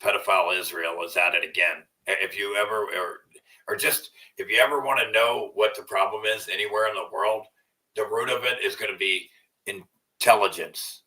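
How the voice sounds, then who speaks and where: Low-voiced man, profane and rambling. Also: normal speed, far from the mic, low-quality recording. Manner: profane, rambling, repeats himself; soft cooing baby talk to his dog. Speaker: vlogger. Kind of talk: casual rambling monologue.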